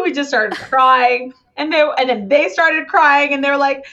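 A woman's voice: high voice, moderate pace, hardly any pauses, dull audio. A woman guest on a podcast, chatting with her sister and telling stories animatedly. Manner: animated storyteller, acts out quoted voices. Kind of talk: casual chat.

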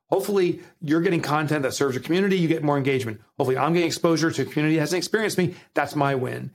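A man with a New Jersey accent, a guest author on a podcast, telling stories with animated, acted-out quotes. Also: medium pitch. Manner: animated storytelling, acts out quotes. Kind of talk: podcast interview.

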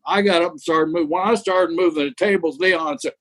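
A man spins a long, rambling story from his years running wrestling tours, salting it with curses and chuckles. His voice sits a little high for a man. The recording is dry and close, with no room echo. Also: fairly quick, fairly bright tone. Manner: rambling, profane, laughs while telling. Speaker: former wrestling tour manager. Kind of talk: anecdotal storytelling.

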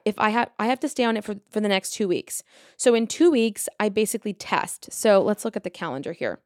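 A woman in her thirties talks through a casual personal update in a chatty, rambling way, full of fillers. Her voice has a gravelly fry at the ends of phrases. She is recorded close and dry. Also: mid-range voice, no room sound. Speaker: podcast host.

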